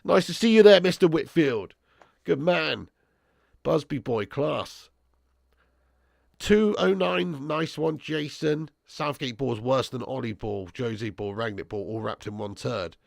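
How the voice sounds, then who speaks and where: A man's voice: medium pitch, lively intonation, unhurried, creaky, darkish tone, dry recording, studio quality. A young man hosting a football watch-along, reading out live chat with swearing banter and calling viewers lad and bro.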